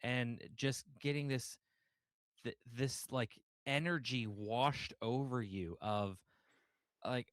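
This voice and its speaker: Podcast cohost dude, rambly, lots of ums, mid voice, dry close sound. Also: male voice, medium pitch, fairly even intonation, no room sound. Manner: rambling, halting, many ums and restarts. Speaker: podcast co-host. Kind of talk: casual podcast chat.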